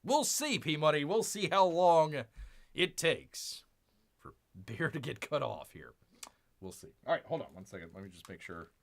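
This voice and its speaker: A man hosting a casual livestream, rambling and talking about himself in the third person, his voice swinging from loud to a near-mumble. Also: a little high, sing-song, normal speed, gravelly. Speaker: livestream host. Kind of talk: casual live-stream chat.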